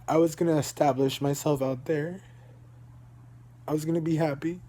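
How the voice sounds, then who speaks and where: Young adult man vlogger, somewhat high pitch, emotional storytelling, repeats himself, swears. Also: fairly even intonation, normal speed, mellow. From Dallas, Texas. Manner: rambling, repeats words, swears.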